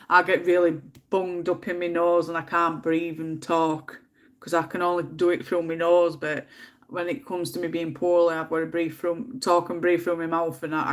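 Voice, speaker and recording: A lowish, fairly bright female voice belongs to an English livestream host who is colouring at home. Slightly under the weather with a cold, she chats, laughs frequently and talks quietly to herself over her colour choices.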